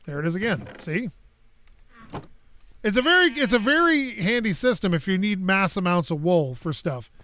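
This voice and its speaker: A man's voice: high-pitched, sing-song, moderate pace, sharp tone, slight background noise. A man casually talking through a block-building game on stream, rambling to himself and his chat as he plays. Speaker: gaming streamer. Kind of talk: casual gameplay commentary.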